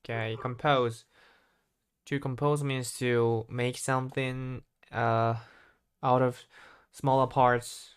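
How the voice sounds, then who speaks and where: A man practicing vocabulary on his own, thinking aloud in a hesitant, halting way and correcting himself as he goes. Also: mid-range voice, flat delivery, clean tone. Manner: hesitant, halting, constantly restarting and self-correcting. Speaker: English learner.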